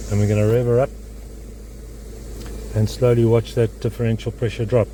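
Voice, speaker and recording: A man's voice: mid-range voice, little pitch movement, normal speed, mellow, slight background noise. A man working as a mechanic, giving a hands-on how-to demonstration and explaining each step while he works under a car in a garage.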